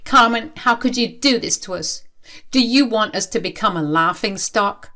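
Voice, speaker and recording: A woman voicing a shocked, disapproving mother in a spoken story, shrill and indignant. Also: expressive, moderate pace, close to an everyday voice.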